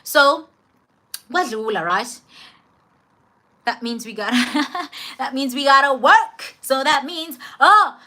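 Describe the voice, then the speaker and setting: A woman's voice: sits high, lively intonation, slow pace, pauses often, bright, forceful tone. A young woman with a South African accent, chatting through a personal story on a live stream, slangy and greeting viewers as she goes. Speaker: vlogger telling a personal story.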